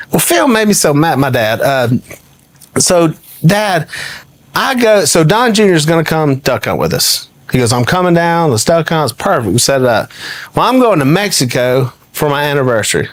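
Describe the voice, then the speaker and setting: A man spinning a comic story, his voice pitched a little high and swinging widely up and down. He laughs through his lines and talks like a guest in a relaxed interview. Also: moderate pace. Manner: animated, laughs often while telling stories. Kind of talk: anecdotal storytelling in conversation.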